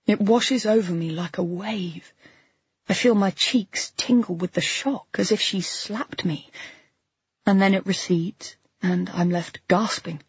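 A woman narrating a first-person audiobook with a husky, breathy tone and a tense, intimate delivery. The recording is dry and close, slightly dull at the top end. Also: mid-range voice, unhurried, no echo.

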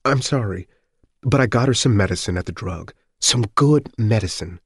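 A man's voice: lowish voice, expressive, moderate pace, a bit bright, slightly rough, no room sound, clean studio sound, voice pushed up. A man reading an audiobook voices a frightened, worn-out young mother who sounds wary and anxious on the phone.

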